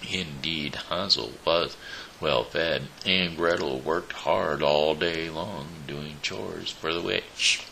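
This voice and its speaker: Man, show host, storybook reading, slow, restarts, deep voice, gravelly. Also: pushed and bright, a little hiss or hum, poor audio. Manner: slow, with small slips and restarts.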